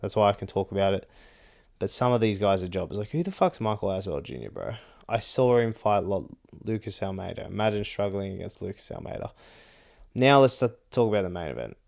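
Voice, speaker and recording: A man's voice: fairly low pitch, big pitch swings, a little fast, vocal fry, darkish tone. A young man giving casual MMA fight predictions in a blunt, rambling rant full of swearing and "like" and "bro".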